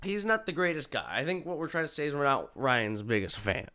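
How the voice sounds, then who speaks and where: A man's voice: on the high side, big pitch swings, fairly quick, sharp tone. A young man hosting a casual podcast chat, joking and bantering combatively with his co-host.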